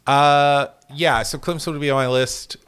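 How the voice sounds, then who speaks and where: A man's voice: fairly high pitch, steady tone, normal speed, fairly bright tone, smooth. A man co-hosting a casual sports podcast, rambling and joking with lots of fillers and restarts. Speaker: podcast co-host.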